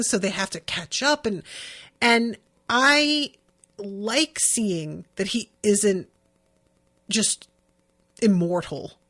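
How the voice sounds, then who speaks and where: A woman's voice: medium pitch, a bit bright. Chatty woman podcast host. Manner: chatty, swearing, reads passages aloud with asides. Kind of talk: casual book recap and reading.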